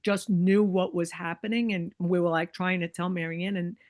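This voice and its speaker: A woman's voice: on the low side, fairly even intonation, normal speed, a little mellow, no echo. Woman, podcast guest, casual storytelling, chatty, dry close sound. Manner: chatty, many likes and you-knows, acts out quoted voices.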